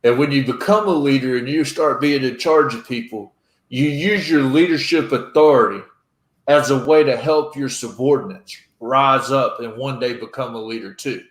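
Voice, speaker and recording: A man's voice: medium pitch, moderate pace. A man hosting a casual chat, talking in an earnest, plain-spoken way. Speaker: podcast host. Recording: roomy echo.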